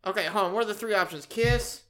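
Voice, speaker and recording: A man in casual chat, bantering playfully and getting excitable. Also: high-pitched, quick pace.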